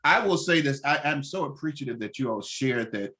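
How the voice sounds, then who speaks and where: A man's voice: medium pitch, expressive, brisk, pushed and bright. A man hosting an interview, talking in a loose, rambling way. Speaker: host. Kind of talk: interview conversation.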